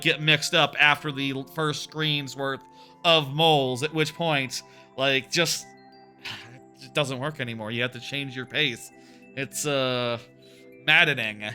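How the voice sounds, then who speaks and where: Male streamer, thirties, rambling casual game-stream chatter, bright sharp voice, music faintly behind. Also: a little high. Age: 30s. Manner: rambling, many fillers and restarts. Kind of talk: casual live-stream chat while playing.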